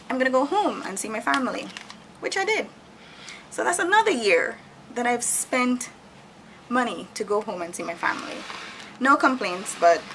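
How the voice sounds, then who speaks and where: Chatty gravel-voiced woman from Jamaica. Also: medium pitch, pushed and bright, slight background noise, low-quality recording. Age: 30s. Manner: chatty and candid, laughs often. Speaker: vlogger. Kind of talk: casual chat while decorating.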